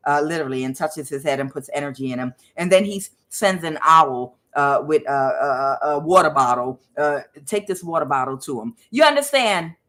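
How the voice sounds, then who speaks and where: A woman's voice: sits low, fairly bright tone. A woman tarot reader giving a casual, emphatic spiritual reading, preachy and blunt, with some swearing.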